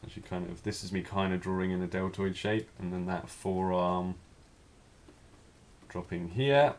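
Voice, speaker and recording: Low-voiced man teaching life drawing. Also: normal speed. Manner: relaxed, thinking aloud while drawing. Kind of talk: live drawing demonstration.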